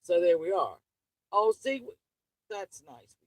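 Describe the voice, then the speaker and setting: A woman's voice: fairly low pitch, big pitch swings, slow, no room sound, poor audio. Profane ranting woman. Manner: angry, profane, rambling. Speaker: channel host. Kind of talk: livestream rant.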